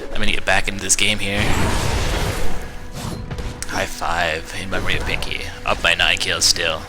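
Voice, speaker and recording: Male caster, deep voice, chatty live play-by-play with frequent self-corrections. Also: steady tone, moderate pace. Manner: casual, chatty, corrects himself often. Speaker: esports commentator. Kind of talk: live game commentary for a stream. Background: game music.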